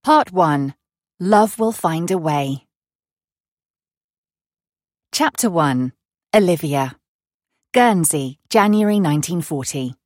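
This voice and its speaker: A woman narrates a novel as an audiobook reader, telling the story in a measured, even way. Her pitch is fairly low, and the scripted reading is captured in a dry, clean studio recording.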